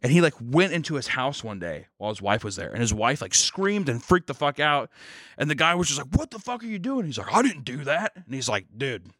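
A man's voice: medium pitch, a little fast, no room sound, studio quality. A man co-hosting a podcast, telling a story in a casual, swearing way and acting out other people's voices. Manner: animated, swearing, acts out voices in stories. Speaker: podcast co-host. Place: studio.

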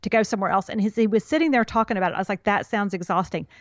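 A woman's voice: mid-range voice, lively intonation, very fast, no echo, muffled recording. Chatty woman podcast co-host. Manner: chatty storyteller, quotes others with emphasis. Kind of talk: casual chat.

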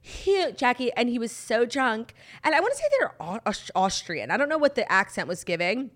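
A young woman chats as a podcast co-host, her voice sitting a little high. She tells stories with lively energy, acting out quoted lines and laughing along the way. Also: moderate pace. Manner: animated storytelling, acts out quotes loudly, laughs often. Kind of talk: casual chat.

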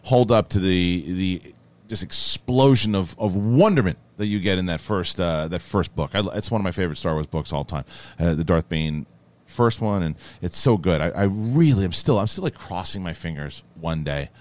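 A man's voice: low voice, normal speed, a little mellow. A man hosting a casual panel chat, rambling with lots of restarts and fillers in a studio. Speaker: show host.

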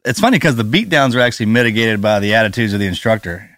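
Relaxed male podcast co-host. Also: on the low side, racing, no echo, studio quality. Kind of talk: casual conversational chat.

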